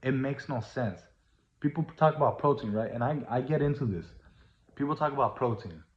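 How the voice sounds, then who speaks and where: Man vlogger, preachy and earnest, mid-pitched, roomy dull lo-fi recording. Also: lively intonation, brisk. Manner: preachy, earnest, repetitive, rising to emphatic. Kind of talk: casual monologue.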